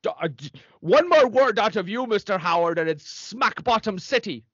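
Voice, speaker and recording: A man's voice: high voice, animated, moderate pace, a bit bright, husky, no room sound, pitched above the performer's own voice, heavily acted. A man voicing a strict, threatening older nun who scolds and bosses people around. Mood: scolding. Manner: scolding, bossy. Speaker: host. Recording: dry, dull lo-fi recording.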